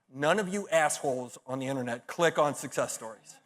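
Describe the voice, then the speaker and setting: A man's voice: mid-range voice, fairly quick. A middle-aged man giving a conference talk, telling stories in a punchy, blunt way with profane, self-mocking humor. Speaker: conference speaker.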